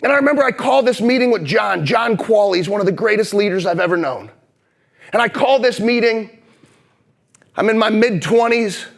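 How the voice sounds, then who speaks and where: Stage speaker guy from st louis, pumped-up keynote storytelling, voice a touch on the high side. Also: creaky. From St. Louis, Missouri. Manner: energetic storytelling, swings from loud and heated to hushed and slow. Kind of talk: motivational keynote speech. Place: conference stage before a live audience.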